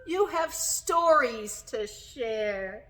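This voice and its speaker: A woman voicing a tiny, kind mouse in a children's picture book, speaking in a squeaky, comforting way. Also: animated, drawn-out words, a bit bright, full character voice.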